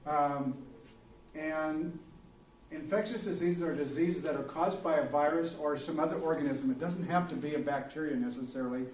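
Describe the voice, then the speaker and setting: A man's voice: on the high side, normal speed, darkish tone, slight background noise. A male biology teacher giving a casual, rambling classroom lecture, full of fillers and restarts. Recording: roomy classroom, recorded from a distance.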